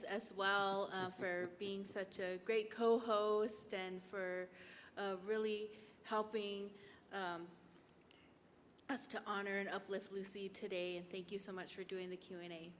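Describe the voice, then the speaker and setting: Quiet, emotional woman in a hall. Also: mid-range voice, little pitch movement. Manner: quiet, emotional, halting with repeats. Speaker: representative presenting gifts. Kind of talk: heartfelt public remarks. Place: lecture hall. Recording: reverberant hall with faint room noise.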